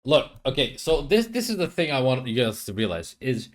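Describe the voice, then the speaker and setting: A man's voice: mid-range voice, sing-song, fairly quick. A young man reacting to clips in a profane commentary video, sarcastic and mocking, often stumbling over his words. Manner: stammering restarts. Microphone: headphones and desk mic.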